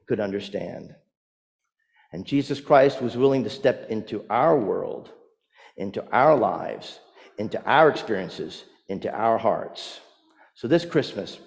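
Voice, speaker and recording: A man's voice: medium pitch, darkish tone. A man, a pastor, preaching a sermon and telling stories with rising emphasis. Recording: long hall reverb.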